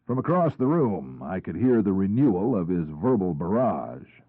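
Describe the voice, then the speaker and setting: Husky male narrator on a tinny line. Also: low voice, big pitch swings, normal speed, no echo. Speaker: audiobook narrator. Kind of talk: first-person scripted narration. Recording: tinny phone-like, husky, dry.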